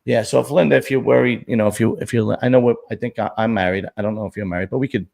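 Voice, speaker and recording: A man's voice: mid-range voice, fairly even intonation, racing, creaky, darkish tone. A middle-aged man hosting a casual chat, talking bluntly and joking crudely. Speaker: host.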